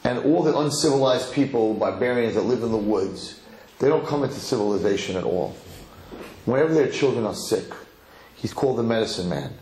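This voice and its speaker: A man giving a lively Torah lecture as a rabbi, emphatic and given to repeating words as he builds to a story. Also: fairly low pitch, brisk. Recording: roomy hall with faint noise.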